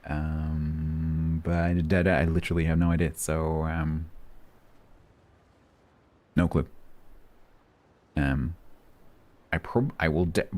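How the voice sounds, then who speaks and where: A man's voice: a bass voice, level tone, slow, pauses often, darkish tone. A man, chatting casually with his stream viewers and rambling with many ums and restarts. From London, England. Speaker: livestreamer. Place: home, United Kingdom.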